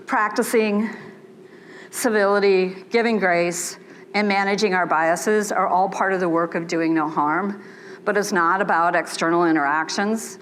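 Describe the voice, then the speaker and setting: A woman's voice: on the low side, fairly bright tone, a little hiss or hum. Candid older woman giving a keynote. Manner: candid and chatty, frequent 'right?' and 'um'. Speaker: keynote speaker. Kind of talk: conference keynote talk. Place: conference hall.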